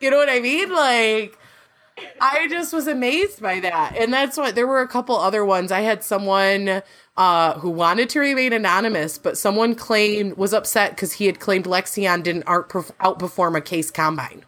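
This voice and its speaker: A woman hosting a casual podcast chat, talkative and quick to laugh, often restarting her sentences. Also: mid-range voice, fairly bright tone. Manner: chatty, laughs easily, rambling restarts. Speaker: podcast host; works in farm market analysis.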